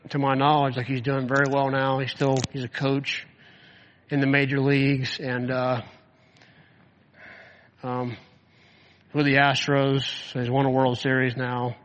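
A man teaching a Bible class in a loose, chatty way, peppering his talk with "like" as he tells stories. His voice sits at an ordinary middle pitch. It carries a long reverb from a hall and comes through on somewhat dull, muffled audio. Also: monotone, unhurried, long pauses, a bit bright, a little hiss or hum. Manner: casual, lots of "like" fillers.

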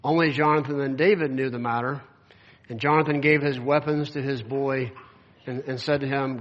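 A man's voice: mid-range voice, fairly even intonation, normal speed, a bit bright, dull audio. A man preaching a sermon, reading scripture aloud and explaining it in a casual, conversational way with lots of filler words. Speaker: pastor.

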